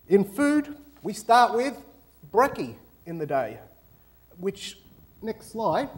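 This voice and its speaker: A young Australian man works the crowd in a university auditorium, his voice sitting a little higher than most men's. He jokes and teases the room while he teaches. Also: darkish tone. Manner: joking, audience-engaging. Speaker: guest speaker. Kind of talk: lively lecture to students.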